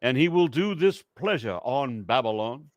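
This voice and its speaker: A man putting on the voice of a Southern preacher reading scripture aloud, slow and solemn, sinking low and soft at phrase ends. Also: expressive, no room sound, lightly acted.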